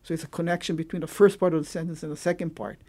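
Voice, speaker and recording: A man from Hawaii who teaches the local creole, explaining its grammar through examples in a thoughtful, halting way, often pausing to search for words. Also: on the high side, steady tone, warm tone.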